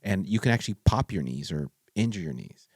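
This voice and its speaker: A man hosting a podcast, chatty and excitable, with slang and restarts. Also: low voice, brisk, slightly rough, dry recording, clean studio sound. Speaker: podcast host. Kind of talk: casual interview conversation.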